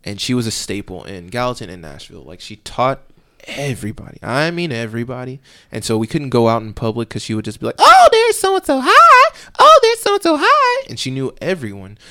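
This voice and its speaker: A man's voice: mid-range voice, fast talker, hardly any pauses, no echo, clean studio sound. A young man, a police officer, telling stories in casual podcast talk and acting out the voices of the people in them. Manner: animated, acts out voices in his stories.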